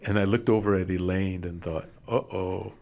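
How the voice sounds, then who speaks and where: A middle-aged man, a pastor, telling a personal testimony as an animated storyteller with quick asides. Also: sits low, slight background noise.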